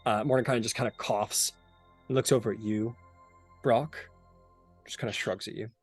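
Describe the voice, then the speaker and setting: A man's voice: fairly low pitch, steady tone, moderate pace, slightly rough, soft background music. A man narrating as game master of a tabletop game, rambling with many fillers.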